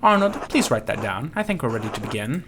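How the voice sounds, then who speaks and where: A formal, probing church official, read by a man. He questions a witness in a measured, official manner. His pitch moves in a lively way. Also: noisy background, close to an everyday voice.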